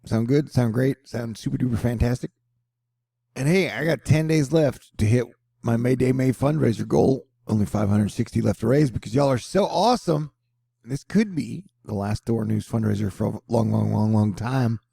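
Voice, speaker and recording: A man's voice: mid-range voice, moderate pace, creaky, warm tone, slightly rough, dry recording, clean studio sound. A middle-aged man hosting casual weather news commentary, rambling with playful jokes and asides. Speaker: host.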